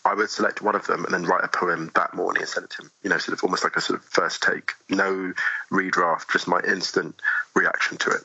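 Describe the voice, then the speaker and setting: A man talking as a podcast guest, animated and chatty with many asides, in a dull lo-fi remote recording. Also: deep voice, fairly quick, creaky, breathy edge, no room sound. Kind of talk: casual interview conversation.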